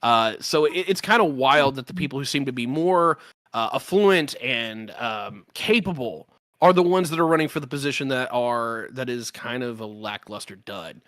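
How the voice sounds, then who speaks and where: A man's voice: medium pitch, expressive, moderate pace, a bit bright, dry recording. A man on a political talk show panel who speaks bluntly and curses casually, often restarting his sentences. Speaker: regular panelist.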